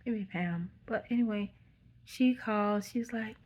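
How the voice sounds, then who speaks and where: Woman, Texan accent, casual storytime, rambling, self-correcting, mid pitch. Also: a little slow, a little mellow, husky. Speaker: vlogger.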